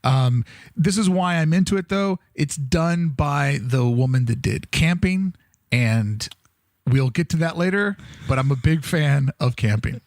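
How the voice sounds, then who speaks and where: Man, podcast co-host, casual chat, jokey, swears, higher voice, dry sound. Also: a little slow, no echo. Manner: animated, jokey, swears freely.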